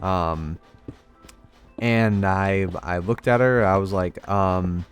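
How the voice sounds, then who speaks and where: A young gaming video creator with a deep, clear, resonant voice speaks slowly over faint background music. He rambles hesitantly through a story while playing, often putting himself down.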